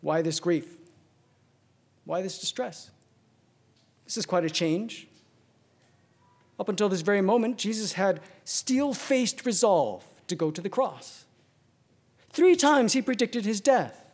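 A man preaching a sermon, swinging from ringing emphasis to hushed near-whispers, with slow, deliberate repetitions. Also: high voice, expressive.

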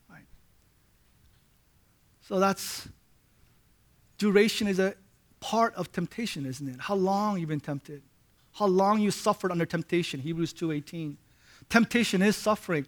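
High-voiced preacher with rising emphatic peaks. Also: male voice, a little slow, pauses often. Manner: rises to loud emphatic peaks, conversational asides; frequent restarts and "right?" check-ins. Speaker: pastor. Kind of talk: sermon.

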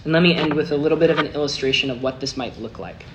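A man preaching a sermon, telling a story with big swings between hushed and emphatic delivery. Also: on the high side, very fast, muffled recording. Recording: noisy recording with clicks.

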